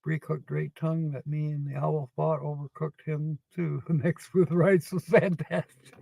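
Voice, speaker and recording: Guy on a livestream rambling along slow, kinda high voice, dry close mic. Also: little pitch movement, creaky, mellow, no room sound, rough recording. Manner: slow, rambling, reads out letters and chats with viewers. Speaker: livestream host scratching lottery tickets. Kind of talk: casual live-stream chat.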